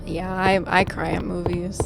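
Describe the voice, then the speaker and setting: A woman's voice: lowish voice, little pitch movement, unhurried, gravelly, over loud music. A woman streaming a game live, chatting casually with her viewers and calling herself very emotional. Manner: chatty, self-described emotional, talks to chat. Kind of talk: casual live-stream chat while gaming.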